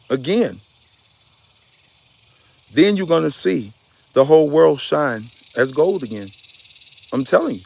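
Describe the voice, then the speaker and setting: A man's voice: fairly high pitch, creaky, no room sound. A man giving an impassioned spiritual talk, emphatic and preachy, with casual slang and swearing, often calling his listeners y'all. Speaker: spiritual speaker.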